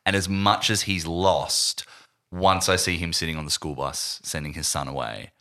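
Deep-voiced animated man on a podcast. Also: moderate pace. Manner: animated, laughs often, talks over others. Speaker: podcast co-host. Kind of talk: casual movie chat.

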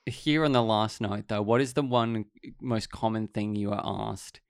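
A man's voice: on the low side, moderate pace, clean tone, no room sound, studio quality. A man hosting a podcast. He chats in a rambling, casual way, with many fillers and restarts. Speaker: podcast host.

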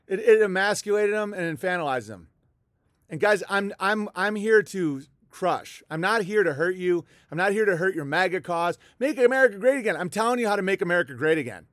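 High-voiced man ranting heatedly. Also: lively intonation, fairly quick, a bit bright, no echo, clean studio sound. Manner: heated, profane, mocking. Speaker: political commentator. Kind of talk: ranting political monologue.

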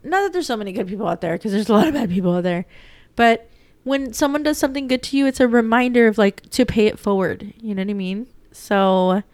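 A woman's voice: a little high, brisk, dry recording. A young woman vlogging casually about her day, rambling with lots of fillers and holding back tears. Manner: chatty, rambling, many fillers. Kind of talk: casual personal vlog.

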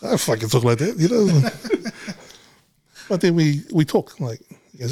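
A man's voice: on the high side, sing-song, a little slow, warm tone, husky, no room sound. A man, a businessman guest in a casual podcast chat, talking bluntly, swearing freely and acting out little exchanges. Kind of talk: casual conversation.

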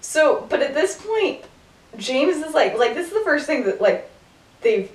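A woman's voice: high voice, sing-song, measured pace. Chatty woman in an echoey room. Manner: rambling, many "like" fillers, frequent laughter. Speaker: podcast co-host retelling a story. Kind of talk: casual chat. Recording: echoey room, distant mic.

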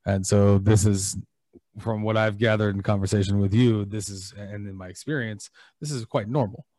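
A man's voice: on the low side, steady tone, normal speed, mellow, dry recording. A man co-hosting a casual podcast, reflective and thinking aloud. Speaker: podcast co-host. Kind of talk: casual chat.

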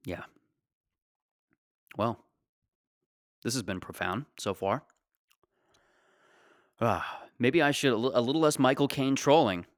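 A man's voice: mid-range voice, slow, long pauses, no echo, studio quality. A man in his late twenties hosting a solo podcast, talking casually in a rambling, joking, self-deprecating way. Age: 20s. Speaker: podcast host.

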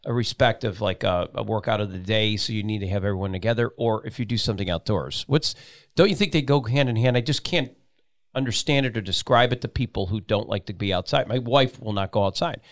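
A man's voice: fairly low pitch, fast. Rambling talk show host, a man. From Columbus, Georgia. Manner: rambling, restarts sentences often. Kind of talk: casual talk show chat.

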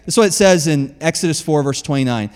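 Man, pastor, high voice, casual animated sermon, long hall reverb. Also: fast, smooth. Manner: conversational, animated, laughs often and acts out quotes.

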